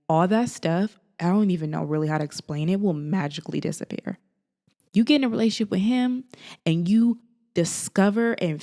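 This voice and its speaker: A woman talking to camera in a casual, encouraging vlog, animated and sassy, like a big sister, often breaking into laughs. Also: on the low side. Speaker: faith and lifestyle vlogger.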